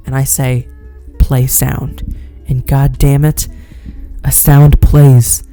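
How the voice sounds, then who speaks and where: Animated young man telling a vlog story. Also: on the high side. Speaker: vlogger.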